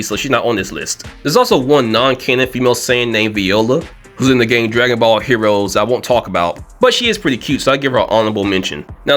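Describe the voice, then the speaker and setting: Fast-talking animated man joking. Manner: animated, joking, swings up in pitch for emphasis. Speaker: video commentator. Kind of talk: casual comedic commentary.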